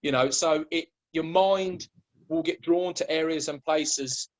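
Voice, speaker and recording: A man talking as a guest in a relaxed conversation. His voice sits a bit higher than most men's, and he wanders through his points with lots of false starts and repeated words. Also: a little slow, low-quality recording. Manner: rambling, with many restarts and repeated words. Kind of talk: casual conversation.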